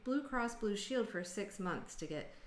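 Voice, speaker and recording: A woman's voice: medium pitch, lively intonation, measured pace, roomy sound. An American woman hosting a casual group video call, venting bluntly and sarcastically. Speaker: host.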